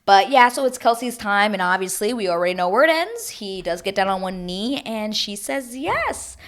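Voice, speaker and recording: A woman's voice: medium pitch, very animated, normal speed, fairly bright tone. A young woman recapping a reality dating show to her viewers in a chatty, gushing way, full of fillers and emotional asides. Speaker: recap vlogger.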